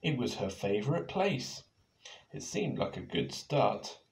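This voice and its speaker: A man reads a picture book aloud to children at home, playful and expressive. His pitch leaps about with animation while he takes his time, and the room gives his voice a clear echo. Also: measured pace. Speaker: author reading his book. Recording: echoey room.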